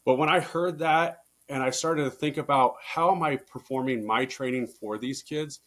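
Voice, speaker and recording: A man, a baseball coach, talking through coaching stories in a casual interview, getting louder and higher when he presses a point and swearing casually. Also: normal speed. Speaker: baseball coach, podcast guest. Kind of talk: casual conversational storytelling.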